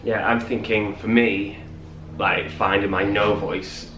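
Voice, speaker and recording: Young man, low voice, casual rambling chat, roomy room, distant mic. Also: slow, a little hiss or hum. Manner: rambling, animated quoting. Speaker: co-host.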